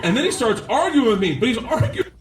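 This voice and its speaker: A man's voice: very high-pitched, sing-song, quick pace, roomy sound, distant mic. A man doing stand-up storytelling, rowdy and swearing, acting out the people he quotes. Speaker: stand-up comedian.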